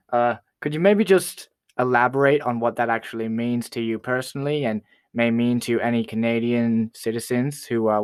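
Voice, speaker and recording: A man hosting a comedy talk show sketch, chatty and quick to apologize. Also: medium pitch, clean tone, no echo.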